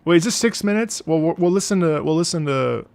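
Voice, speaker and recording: A man's voice: on the high side, lively intonation, quick pace, vocal fry, darkish tone, clean tone. A man streaming and chatting casually with viewers, rambling, laughing often and swearing freely. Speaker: streamer reacting to music. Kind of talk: casual live-stream chat.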